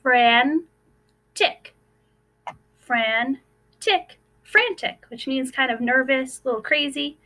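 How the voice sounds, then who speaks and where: Bright high-voiced woman teaching phonics. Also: steady tone. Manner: slow, clearly sounding out letters and words. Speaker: first grade teacher. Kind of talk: recorded phonics lesson for young children.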